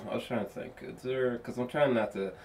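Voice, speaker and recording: A man giving a casual spoken film review, rambling and excitable, with lots of fillers and restarts and free swearing. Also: mid-range voice, brisk. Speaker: movie reviewer.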